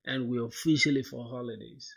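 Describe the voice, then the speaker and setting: A man's voice: mid-range voice, fairly even intonation, brisk, gravelly, a bit bright, breathy edge. A young man livestreaming while he codes, chatting loosely with viewers in slang. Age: young adult. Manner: loose, slangy, talks to chat, says bro a lot. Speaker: coding livestreamer. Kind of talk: casual livestream chat while coding.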